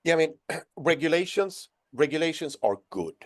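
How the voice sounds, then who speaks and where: A man's voice: a little high, expressive, normal speed. A man moderating a webinar panel over a video call, upbeat, and putting questions to the panelists.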